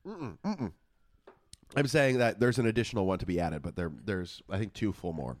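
A man co-hosting a podcast, a few beers in, joking around and laughing easily. His pitch swings in a lively, animated way, and the sound is dry and close with no room around it. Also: fast, no echo. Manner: joking, laughs often, playful. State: tipsy from beer. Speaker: podcast co-host. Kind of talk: casual chat.

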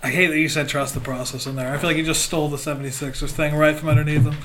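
A man co-hosting a casual sports podcast, blunt, joking and animated. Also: on the high side, racing, a loud crowd. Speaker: podcast co-host.

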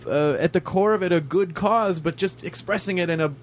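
A man's voice: high-pitched, a little fast, soft background music. A man interviewing a guest in casual chat, enthusiastic, swearing freely and restarting his sentences.

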